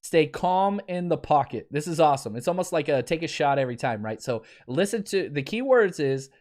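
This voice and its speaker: A man's voice: fairly high pitch, animated, a little fast, a little mellow. A man in his late thirties with a slightly raised voice hosts a casual sports podcast. He talks in a wry, conversational way and often breaks into laughter mid-sentence. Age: 30s. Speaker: podcast host. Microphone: streaming podcast mic.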